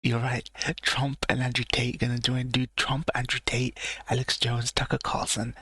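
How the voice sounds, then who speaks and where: A man's voice: medium pitch, completely flat delivery, normal speed, bright, forceful tone, husky, no echo. A man hosting a live reaction stream, tossing out offhand, crude, slangy asides. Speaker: livestream reaction host. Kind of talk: casual reaction commentary.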